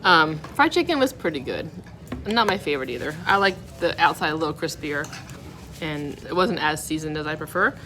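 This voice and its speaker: A woman with a fairly low voice chats through a casual food review, candid and a little picky, giving every dish a score out of ten. She is recorded at a restaurant table, and clear diner noise runs underneath. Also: expressive, a little fast, bright, forceful tone. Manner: chatty, candid, rates each dish out of ten. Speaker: food vlogger. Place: restaurant dining room.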